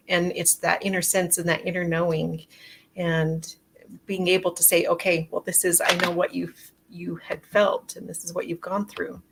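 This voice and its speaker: A woman's voice: on the low side, a little hiss or hum. A woman hosting a casual interview, speaking in an affirming, reflective and supportive way. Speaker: podcast host.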